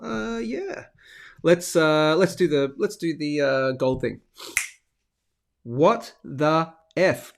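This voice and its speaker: A chatty Australian man hosts a casual live show at his desk mic, his voice pitched a little high. He sounds upbeat and friendly as he reads out viewer comments, and now and then he coughs from a throat infection he is getting over. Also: creaky. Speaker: host of a live stacking show. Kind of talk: casual live-stream chat.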